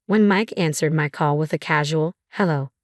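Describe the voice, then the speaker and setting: Woman narrator, low pitch, dry close recording, measured scripted storytelling. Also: dry recording.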